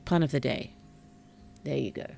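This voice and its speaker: A streamer giving relaxed gameplay commentary in a gentle, whimsical, polite way, with puns and soft whispered asides. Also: mid-range voice, moderate pace, gravelly, a little hiss or hum. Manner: drops into soft whispers at times. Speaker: VTuber streamer and author.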